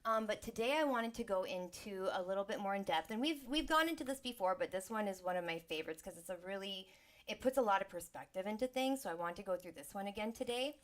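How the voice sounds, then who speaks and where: A woman's voice: mid-range voice, animated, fast. Woman explaining energy work in casual talk. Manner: acts out inner voices with exclamations and sighs. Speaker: sound healer.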